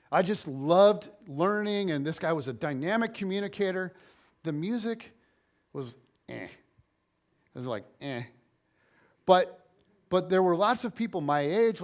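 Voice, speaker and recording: A man in his forties preaching as a pastor, telling personal stories in a chatty, self-deprecating way with playful humor. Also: fairly high pitch. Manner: playful humor, animated storytelling. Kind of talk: conversational sermon with personal stories.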